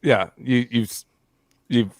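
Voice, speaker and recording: A man hosting a casual podcast, steering the questions quickly and jokingly. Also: medium pitch, fairly even intonation, no echo, studio quality. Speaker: host.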